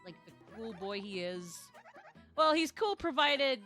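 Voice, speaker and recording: A woman's voice: fairly high pitch, sing-song, measured pace, a bit bright, faint music behind. A woman streamer chatting casually while playing a game, chatty and self-deprecating. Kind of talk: casual gaming stream chat.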